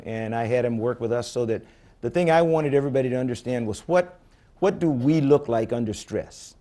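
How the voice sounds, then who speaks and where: An older man who runs a space agency responds to questions from an audience at a public forum held in a conference room. He speaks at a normal speed in a warm, medium-pitched voice. His conversational Q&A answers are blunt and candid, and his anecdotes restart frequently.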